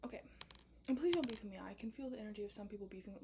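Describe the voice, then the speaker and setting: Against a noisy background, a young woman with a mid-range voice races through a late-night pitch of her film script. It's a casual chat from a student who often whispers, uses plenty of fillers, and bursts into loud asides.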